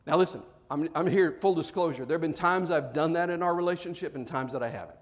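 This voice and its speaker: A man with a fairly high voice preaches a sermon, talking fast with few pauses. He's animated and jokes with the congregation, acting out other people's voices, then softens into quiet, earnest tones to drive home his main points.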